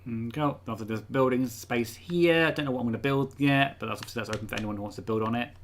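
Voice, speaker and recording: A man hosts a live stream from a room at home, chatting casually and rambling with lots of ums and uhs. He speaks fast at a medium pitch.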